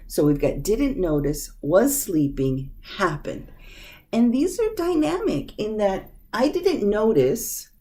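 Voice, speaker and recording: A woman teaching an English grammar lesson, speaking patiently and deliberately and repeating each example sentence. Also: mid-range voice, warm tone. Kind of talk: slow, clear grammar lesson.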